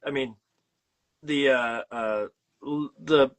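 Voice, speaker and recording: Man, mid-pitched voice, podcast host, hesitant, lots of uh and um. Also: slow. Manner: hesitant, searches for words with many "uh" and "um". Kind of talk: casual chat.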